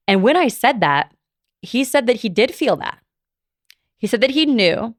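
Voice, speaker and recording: A woman's voice: medium pitch, animated, unhurried, no room sound, studio quality. A woman in her thirties, a podcast host, telling a personal story in a confessional way, filling her speech with "like". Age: 30s. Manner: confessional, heavy use of "like".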